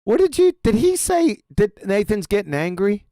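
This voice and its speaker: A livestream host with a high, smooth, sing-song voice reacts to a clip he's playing, mocking it crudely and erupting into loud profanity. He sits close to the mic at a moderate pace with few pauses, and the recording is dry.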